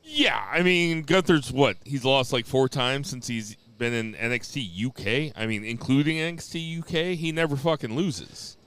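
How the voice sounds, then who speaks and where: A man's voice: mid-range voice, moderate pace, few pauses, a bit bright, clear, resonant tone. A man co-hosting a casual wrestling podcast, blunt and swearing freely with dry jokes. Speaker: podcast co-host.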